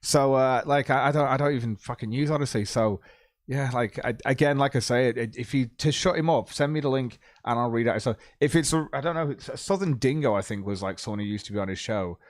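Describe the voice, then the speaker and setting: A man's voice: medium pitch, fairly quick, no echo, studio quality. A man streaming live, chatting casually in a rambling way with a lot of swearing and stumbling. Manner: rambling, profane, hesitant.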